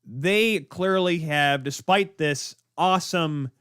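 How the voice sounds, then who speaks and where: A young man hosting a live sports talk show, ranting in an exasperated, rapid-fire way. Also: fairly high pitch, a bit bright, clean tone, dry recording, studio quality. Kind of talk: live sports opinion rant.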